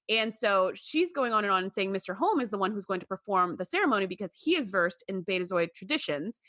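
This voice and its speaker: A woman co-hosts a casual podcast, her voice bright and forward at a middling pitch. She retells scenes with lots of life and slips into quoted voices as she goes. The sound is dry and close to the mic. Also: animated, quick pace, hardly any pauses, no room sound. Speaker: podcast co-host.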